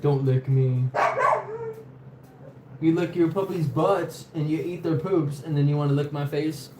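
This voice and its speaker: A man's voice: steady tone, unhurried, noisy background. A man talking casually to his dog and her puppies at home, coaxing and playful. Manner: coaxing, playful, talks to the dog in a high baby voice at times. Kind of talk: casual talk to pets.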